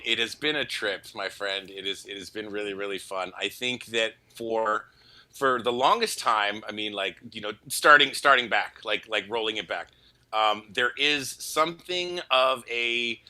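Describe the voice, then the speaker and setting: A man from Canada, a voice actor guest, telling stories in a casual interview, playful and quick to slip into voices. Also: mid-range voice. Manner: animated, playful, breaks into voices.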